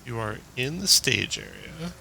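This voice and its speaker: Bright-voiced game master narrating. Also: male voice, mid-range voice, vocal fry, a little hiss or hum. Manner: relaxed, measured narration.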